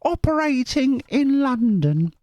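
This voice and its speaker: A man voicing a prim young woman viewer in a squeaky, high falsetto. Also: big pitch swings, slow, warm tone, dry recording, full character voice.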